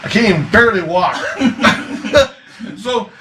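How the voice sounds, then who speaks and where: A man's voice: sits high, animated, takes it slowly. A man telling a wild personal story in a casual interview, swearing, laughing often and acting out voices. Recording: echoey room, far from mic, noisy.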